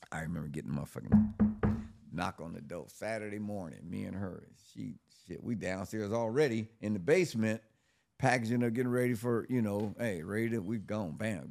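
A middle-aged man tells his story in a relaxed, profanity-laced street manner. His voice sits very low with a gravelly edge of fry. He talks casually to an interviewer. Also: brisk. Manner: profane, laid-back street talk. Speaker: interview guest.

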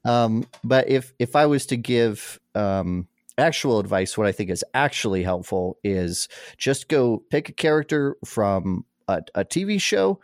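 A man, game master of an actual-play podcast, chatting casually over a call with a rambling, relaxed manner. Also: mid-range voice, measured pace, no room sound, clean studio sound. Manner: rambling, relaxed, with frequent fillers and laughs. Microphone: remote call microphone.

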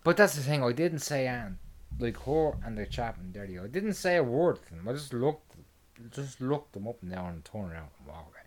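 Man, casual chat, crude jokes, swearing, very lively pitch. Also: a little fast. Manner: crude, joking, swears a lot.

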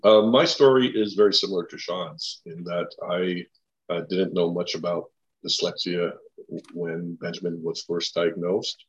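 Man, very low voice, polite and hesitant, dull lo-fi sound. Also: fairly even intonation, measured pace, husky. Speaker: panel guest. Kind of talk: personal story in panel talk. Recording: dull lo-fi audio.

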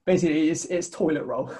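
A man's voice: fairly high pitch, warm tone. A British man hosting a podcast in a casual chatty way, laughing often and repeating himself as he thinks. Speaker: podcast host.

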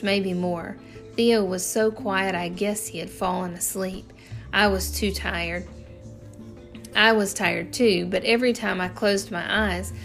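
A woman narrating an audiobook chapter in a steady, even storytelling manner. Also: mid-range voice.

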